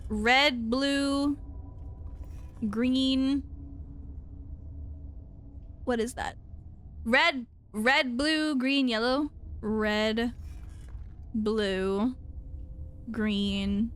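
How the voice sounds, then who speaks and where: A woman's voice: on the high side, fairly even intonation, extremely slow, long pauses, fairly bright tone. A woman streamer giving horror game commentary, thinking aloud, swearing, with startled shrieks and laughs.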